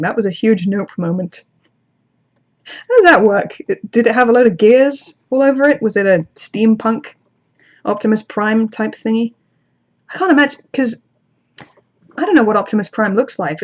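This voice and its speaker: Chatty woman streamer answering chat. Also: mid-range voice. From outside the United States. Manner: chatty, self-deprecating, frequent restarts. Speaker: channel host reading live chat. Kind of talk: casual livestream chat.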